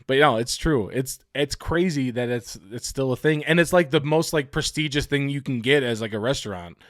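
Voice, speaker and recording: Young man, podcast co-host, casual rambling chat, frequent laughter, mid-pitched, dry close sound. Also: moderate pace, no room sound. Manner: laughs often, loose rambling storytelling with many fillers.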